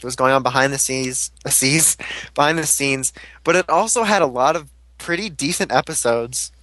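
Casting: rambling, foul-mouthed male podcast host with a slightly high voice, bone-dry close recording. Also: a bit bright, no echo, low-quality recording. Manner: rambling, swears casually, many fillers. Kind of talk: casual recap chat.

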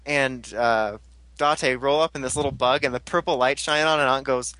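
Bright-voiced young man recapping a show. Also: medium pitch, fairly even intonation, no echo. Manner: jokey, quick voice impressions of characters, laughs a lot. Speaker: podcast host recapping a show. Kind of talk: casual recap chat.

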